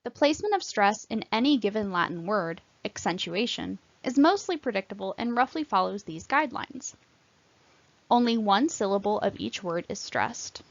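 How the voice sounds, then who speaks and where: A woman's voice: mid-range voice, no echo, lo-fi sound. Latin teacher woman, careful enunciation. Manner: clear, careful, deliberate enunciation of example words. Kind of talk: scripted instructional narration.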